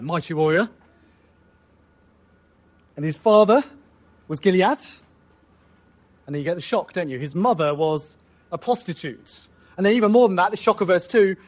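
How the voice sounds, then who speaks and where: A man delivering a sermon in a voice that sits high for a man. He walks his listeners through the text verse by verse, often ending points with rhetorical questions. He speaks as a preacher addressing his congregation. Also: animated, normal speed, pauses often.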